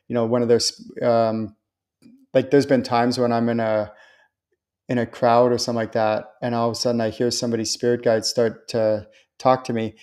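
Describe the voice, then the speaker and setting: A man hosting a live stream on spiritual topics, talking in a chatty, reassuring way and acting out quoted voices with lively jumps. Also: mid-range voice. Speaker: host and spiritual channeler. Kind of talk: live-stream talk answering viewer questions.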